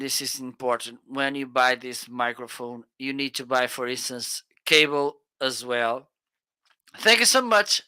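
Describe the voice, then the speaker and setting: A Portuguese-accented man co-hosts a live shopping stream, speaking slowly into a close dynamic mic. His voice is bright and smooth, and the sound is dry and intimate. He keeps checking in with the audience with an eager "okay?". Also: mid-range voice, no room sound. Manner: enthusiastic, frequent "okay?" check-ins. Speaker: livestream co-host. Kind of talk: casual product review. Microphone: close studio dynamic mic.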